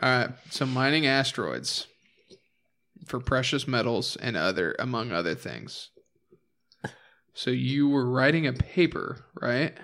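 A young man hosting a casual chat, animated and profane, who moves the talk to new topics. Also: mid-range voice, unhurried.

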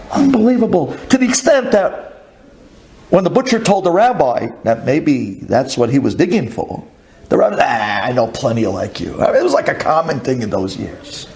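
A man's voice: on the high side, darkish tone. A man telling a story dramatically, with emphatic swings in his voice.

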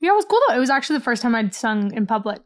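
A woman's voice: a little high, very animated, very fast. A young American woman, a singer who hosts a podcast, chatting animatedly with a voice worn out from a full day of singing. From United States. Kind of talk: casual chat.

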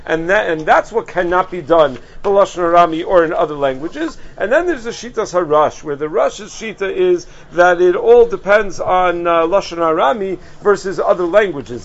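High-voiced man giving a casual Torah lesson. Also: muffled recording. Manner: conversational, many fillers and restarts. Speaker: rabbi teaching halacha.

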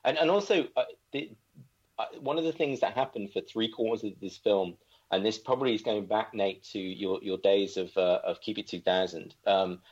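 A man's voice: fairly low pitch, moderate pace, darkish tone, breathy edge. Rambling male co-host on a dull line. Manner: rambling, full of fillers and restarts, joking. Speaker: podcast co-host. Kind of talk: casual movie-review chat. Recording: dull lo-fi sound.

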